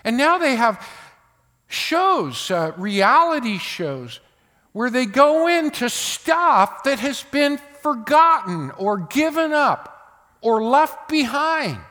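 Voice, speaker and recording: A man's voice: very high voice, big pitch swings, takes it slowly. Older male pastor preaching in a hall. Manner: emphatic, swinging between loud bursts and hushed asides. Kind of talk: sermon.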